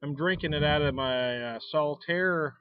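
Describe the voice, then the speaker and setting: American guy doing a beer review out back, kinda high voice, rambly and chuckly, muffled dry camera audio. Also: a little slow, clean tone, dry recording. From United States. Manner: folksy, rambling, chuckles often. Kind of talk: casual beer tasting vlog. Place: outdoors out back.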